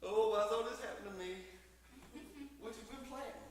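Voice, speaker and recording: A man's voice: sits high, moderate pace, a little hiss or hum. A middle-aged man preaching a folksy, emphatic sermon in a church, his volume swelling and dropping. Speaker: pastor. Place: church sanctuary. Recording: echoey hall, mic from far off.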